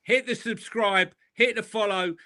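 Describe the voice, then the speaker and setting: A man's voice: high voice, unhurried, sharp tone. A man hosting a football comedy podcast, plugging the channel with mock-serious banter. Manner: jokey, laughing, mock-serious plugs. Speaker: podcast host.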